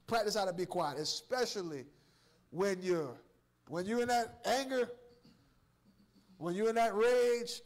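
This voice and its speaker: A man preaching a revival sermon, emphatic and repetitive, drawing call-and-response from the congregation. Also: sits high. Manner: emphatic, repeats words and restarts, chuckles. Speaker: guest preacher, church elder.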